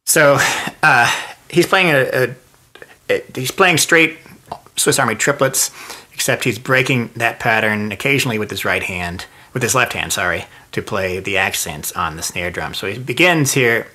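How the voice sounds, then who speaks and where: A man's voice: on the low side, pushed and bright. A man teaching drums in a casual lesson, explaining step by step and counting out sticking patterns. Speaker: drum teacher. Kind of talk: casual instructional breakdown.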